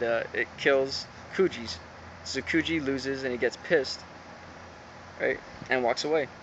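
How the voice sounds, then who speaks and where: A man talks through an episode recap in a loose, rambling way, full of "um"s and "he's like"s. His pitch sits in the middle, and the recording sounds dull and lo-fi with clear background noise underneath. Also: fairly bright tone. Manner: rambling, with many fillers and retold quotes.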